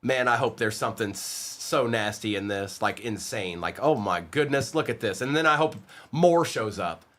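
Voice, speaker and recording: A man's voice: fairly low pitch, a bit bright. A man hosting a live-streamed trading card break, chatting with viewers by name and reading out lists of players. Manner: talks to chat viewers by name, reads lists of names quickly. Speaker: livestream card break host. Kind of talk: casual live-stream chat.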